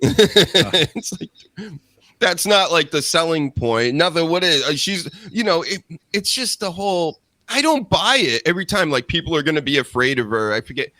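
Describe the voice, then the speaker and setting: A man's voice: on the high side, lively intonation, moderate pace, sharp tone, dry recording. A man, chatting casually as a co-host of a wrestling review show, rambling with lots of fillers and mocking impressions. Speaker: podcast co-host.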